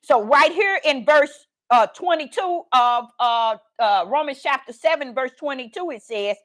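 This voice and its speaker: A high-voiced woman preaches over a livestream. She reads verses aloud and keeps asking her viewers to answer, in a call-and-response way. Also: animated, measured pace, fairly bright tone. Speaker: online preacher. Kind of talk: livestream Bible teaching.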